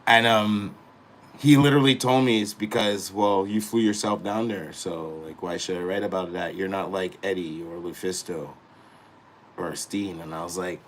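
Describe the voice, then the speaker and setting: A middle-aged man hosting a live show, ranting casually and swearing constantly, dropping to mutters and rising to loud outbursts. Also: low voice, steady tone, normal speed, slight background noise. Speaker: podcast host, wrestler. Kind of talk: profane casual rant.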